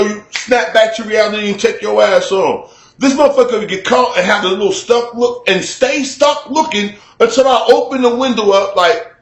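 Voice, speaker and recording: A man telling a story to his camera in a casual, animated, profane way, acting out shouts at a neighbor, recorded in a room at home. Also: high voice, echoey room. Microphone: camera mic.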